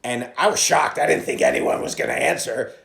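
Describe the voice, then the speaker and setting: A man's voice: medium pitch, wildly swooping pitch, brisk, vocal fry, reverberant. A man, a stand-up comedian, rambling through a profane solo podcast monologue, recorded on a phone propped against a coffee cup. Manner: profane, rambling, jumps into loud impressions.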